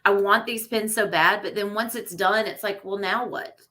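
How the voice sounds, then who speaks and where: Bright-voiced woman chatting easily. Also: medium pitch, steady tone, normal speed. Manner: easygoing, agreeable, laughs along. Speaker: guest on a live stream. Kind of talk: casual chat.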